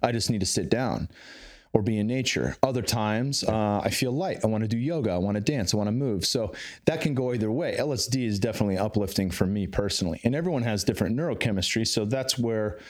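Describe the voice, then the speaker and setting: A man's voice: on the low side, expressive, fast, darkish tone. A man from the Bay Area in California, a podcast guest talking casually and at length, loose and rambling with fillers and restarts. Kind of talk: casual conversation.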